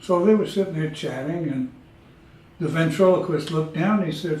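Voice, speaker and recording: A man, telling folksy jokes in a relaxed, drawling way. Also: fairly high pitch, moderate pace, recorded from a distance. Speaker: storyteller. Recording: echoey room, speaker away from mic.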